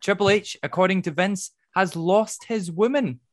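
A man hosting a casual podcast, recapping with wry asides and quick laughs. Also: high voice, no room sound, clean studio sound. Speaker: podcast host.

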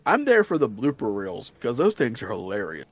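A man's voice: medium pitch, huge pitch swings, fairly quick. Rambling man with slight Southern accent. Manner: rambling, restarts, swears casually. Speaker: stream guest. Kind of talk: casual chat.

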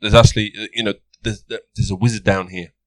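A man running a tabletop game as game master, narrating in halting bursts full of restarts and fillers. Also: lowish voice, fairly even intonation, fairly bright tone.

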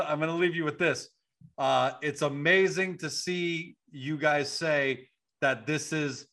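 A man's voice: fairly high pitch, pushed and bright. A man hosting an interview over a video call, upbeat and rambling with restarts. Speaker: interview host. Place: home at night.

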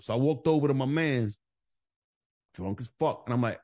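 A man hosting a podcast, telling a bar story in casual, profane, animated chat and acting out the voices of the people in it. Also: medium pitch, normal speed, long pauses. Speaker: podcast host.

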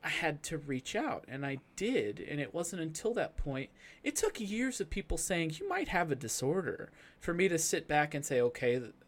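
A man's voice: fairly high pitch, very animated, normal speed, few pauses. A man in his thirties talking candidly and reflectively as a podcast guest. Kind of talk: candid casual conversation.

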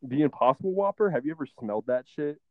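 A man's voice: a little high, expressive, quick pace, no room sound. A young man co-hosting a podcast, chatting loosely in slang and laughing often. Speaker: podcast co-host. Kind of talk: casual podcast chat. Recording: tinny phone-like sound.

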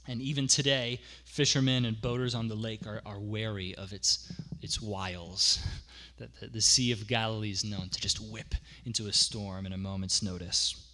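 A man's voice: on the low side, fairly even intonation, normal speed, sharp tone. A man preaching a sermon as pastor, conversational, explaining with asides and repeating key phrases for emphasis.

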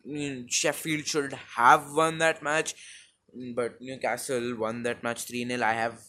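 A young man from India with an Indian English accent, rambling through a casual football recap with many fillers and restarts on a low-quality home mic. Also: a bit bright. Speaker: football vlogger. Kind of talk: casual match recap monologue.

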